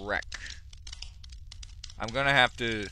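A man's voice: mid-range voice, slow pace, a little hiss or hum. A man giving let's play commentary, talking to himself and the characters on screen, and yelping and cursing when things go wrong. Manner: excitable, yelping and cursing at the game. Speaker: gaming video host.

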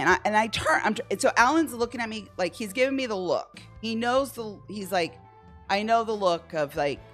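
A woman hosting a live slot stream from home, telling a story to her chat in an excitable way, laughing often and acting out what people said. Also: mid-range voice, normal speed, faint music behind. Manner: animated, excitable, laughs often, acts out quotes.

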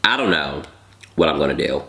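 A man's voice: rumbling low, expressive, a little fast, pushed and bright. Dramatic sassy young man vlogging. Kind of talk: casual mukbang chat. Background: eating while talking.

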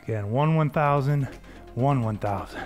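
A man with a mid-range voice and moderate pace gives workout instruction as a fitness coach. He's upbeat and encouraging, counting reps and cueing form, and faint music plays in the background.

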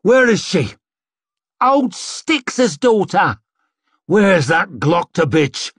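A man's voice: high-pitched, sing-song, very slow, fairly bright tone, slightly rough, no echo, studio quality, voice pushed up, heavily acted. A man voicing a brutal mob of male rioters barking threats. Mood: menacing.

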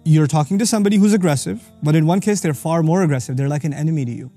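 A man teaching on scripture in an energetic explanatory talk, reciting verses quickly and then explaining them. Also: a little high, faint music behind. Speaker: Quran teacher.

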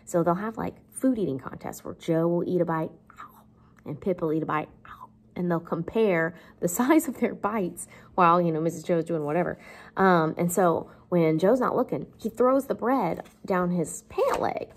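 A woman's voice: lowish voice, lively intonation, normal speed. A woman English teacher explaining a novel in a chatty, wry, conversational way.

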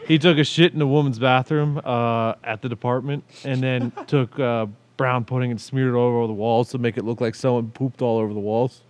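A man's voice: medium pitch, steady tone, fairly quick, hardly any pauses. A man co-hosting a casual podcast, telling stories in a rambling way with lots of swearing. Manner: rambling storyteller, heavy swearing. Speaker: podcast co-host. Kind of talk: casual chat.

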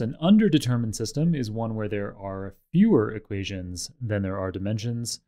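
A man teaching a tutorial, explaining step by step in a measured way over slides and a code demo. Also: on the low side, mellow. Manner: measured, explanatory, with occasional fillers. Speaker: instructor.

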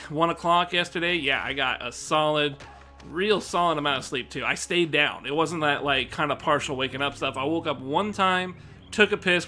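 Bright-voiced American guy rambling to viewers. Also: fairly high pitch. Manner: laid-back, rambling, swears casually. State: slightly out of breath. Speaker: streamer. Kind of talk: casual rambling chat to viewers.

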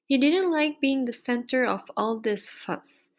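A woman reading a children's chapter book aloud with lively storybook delivery. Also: sits high, measured pace.

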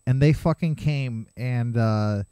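His voice is medium-pitched, slow, dark, clear and resonant, recorded with no echo. The man, in his thirties, hosts a solo podcast where he tells a rambling, very profane story from his youth, full of self-mocking asides.

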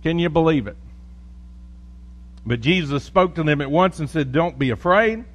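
Folksy joking pastor, a man with a higher voice. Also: lively intonation, normal speed. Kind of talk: sermon with scripture reading and prayer.

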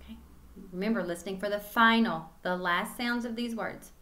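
A woman teaching a kindergarten phonics lesson, drawing words out slowly and enunciating each sound clearly for young children. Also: mid-range voice, bright, forceful tone. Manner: slow, drawn-out, clearly enunciated word drills.

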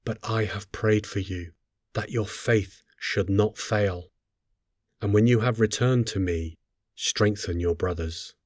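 A man with a lowish voice reads scripture in a solemn, measured way. His delivery is unhurried and steady. The sound is dry and close, with no room around it. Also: no echo. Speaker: scripture reader.

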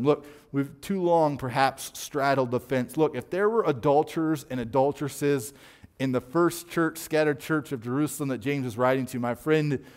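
A man preaching a sermon as pastor, reading scripture and telling a story from his own life, rising to near shouts when he acts out quoted voices. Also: medium pitch.

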